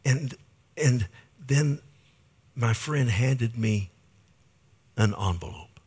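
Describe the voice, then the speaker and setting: A man's voice: drawn-out words, long pauses, breathy edge. A middle-aged male pastor preaching a sermon, telling a personal story and acting out the voices of people he quotes. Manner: storytelling, quoting others with lively swings of pitch and volume.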